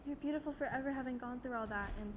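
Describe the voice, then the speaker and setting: A woman's voice: sits high, rapid-fire, a little hiss or hum, close to an everyday voice. A young woman playing an affectionate Filipina daughter who talks earnestly and tearfully. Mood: emotional. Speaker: daughter in a stage scene. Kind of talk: student theater acting.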